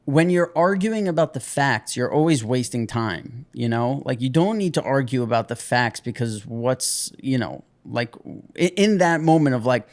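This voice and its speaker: A man's voice: mid-range voice, lively intonation, moderate pace. A man co-hosting a podcast, chatting casually and rambling through a story about his relationship. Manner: rambling, retells arguments with acted quotes. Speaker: podcast co-host. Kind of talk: casual chat.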